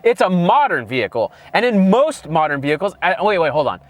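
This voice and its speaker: Here a movie reviewer and channel co-host speaks in a high, sing-song voice, a little fast, with no room sound. He's heavily profane, sarcastic and exasperated throughout his casual rant.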